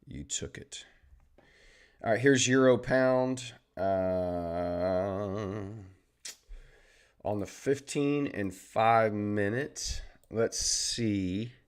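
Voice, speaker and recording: A man with a very deep voice and a Southern Texan drawl, talking through market charts on a live stream. He keeps it loose and conversational, explaining setups step by step and chatting with the people watching. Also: very slow, long pauses. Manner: easygoing, chatty, greets viewers and explains charts. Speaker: trading livestream host. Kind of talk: casual live trading commentary.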